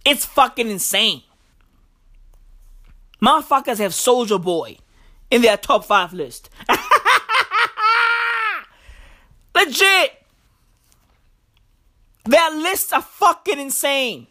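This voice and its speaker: A man ranting about the news in a profane, excitable comedic vlog, packed with slang. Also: very high-pitched, slow pace, long pauses. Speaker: vlogger.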